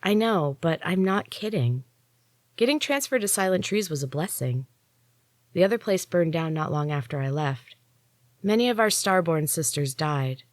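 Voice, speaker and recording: A woman doing a gruff, grudging young warrior. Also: on the low side, animated, normal speed, dry recording, studio quality, lightly acted. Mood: weary. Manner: blunt, weary, begrudging. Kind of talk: audiobook reading.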